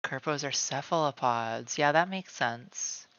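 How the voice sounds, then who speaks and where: Streaming his drawing session from home beside his cat, a man rambles casually, full of "like" fillers, and refers to himself by name in the third person. His medium-pitched voice is unhurried, bright, forceful, clear and resonant. The recording is dry and muffled.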